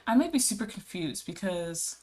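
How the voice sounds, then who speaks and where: A woman's voice: on the low side, very animated, moderate pace, darkish tone. A young woman streaming live as an illustrator, chatting casually and rambling through answers to chat messages while she draws. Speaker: art streamer.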